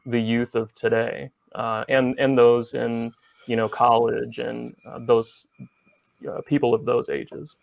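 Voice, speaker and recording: Gravelly-voiced male interviewer, dry close sound. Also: medium pitch, completely flat delivery, no echo. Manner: measured, affirming, many fillers. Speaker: interviewer host. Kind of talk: casual interview talk.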